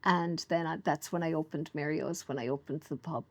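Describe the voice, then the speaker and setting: A woman's voice: low-pitched, brisk, no echo. Chatty Irish woman telling stories. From Ireland. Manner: chatty, animated storyteller, laughs at herself. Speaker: guest, bakery owner. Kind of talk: casual interview storytelling.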